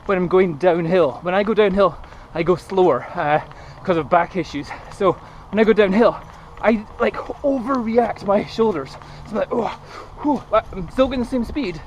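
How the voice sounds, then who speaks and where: His voice is high and somewhat dark, at normal speed with few pauses, in a muffled recording. A man in his thirties vlogging his run on city-edge paths, he chats breathlessly and rambles while filming himself, with traffic and aircraft audible outdoors.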